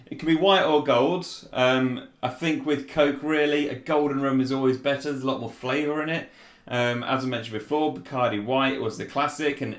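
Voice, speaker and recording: A man hosting a relaxed cocktail demonstration, chatting casually as he makes a drink. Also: mid-range voice, reverberant. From Yorkshire, England. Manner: chatty and relaxed, with fillers and restarts. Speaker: bartender host.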